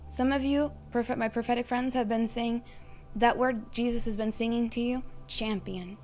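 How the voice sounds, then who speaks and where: A woman preaching a reflective sermon, teaching through questions and lists and dropping to a hushed tone at key phrases. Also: on the high side, fairly even intonation, moderate pace, faint music behind.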